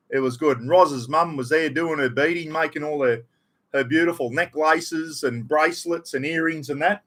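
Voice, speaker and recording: A man's voice: mid-range voice, fairly bright tone. A middle-aged Australian man hosting a casual livestream, greeting viewers by name and chatting about his weekend and the footy. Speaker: livestream host.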